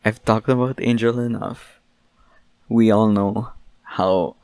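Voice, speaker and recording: Young man, podcast host, mock-angry jokey rant, slow delivery, lowish voice, dry close sound. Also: fairly even intonation, darkish tone, clear, resonant tone, no echo. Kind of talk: solo casual podcast rant.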